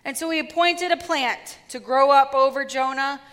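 A woman preacher delivering a sermon with lively, humorous storytelling. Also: sits high, moderate pace, big-room sound.

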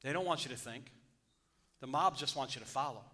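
A man preaching a sermon as pastor, reading scripture aloud and then preaching on it, dropping to a hush and rising loud again, repeating key phrases for emphasis. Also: medium pitch, brisk, long pauses.

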